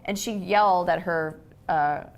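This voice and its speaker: A woman's voice: lowish voice, a little slow. A middle-aged woman telling a personal story in a casual conversational way, acting out the voices of people she quotes. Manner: animated, acts out quoted voices. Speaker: host.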